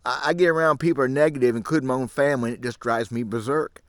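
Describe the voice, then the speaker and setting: A man's voice: medium pitch, fairly even intonation, fast, no echo, studio quality. A middle-aged man, rambling frankly and grumbling to camera outdoors in the woods. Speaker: fishing channel host. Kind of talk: casual rambling monologue to camera. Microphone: camera mic.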